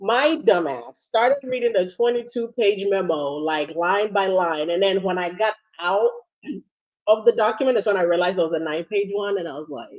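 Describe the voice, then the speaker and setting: A woman from Ghana co-hosting a casual livestream chat, a little under the weather, chatty and quick to laugh. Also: mid-range voice. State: sick, struggling. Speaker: co-host. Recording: dull lo-fi sound.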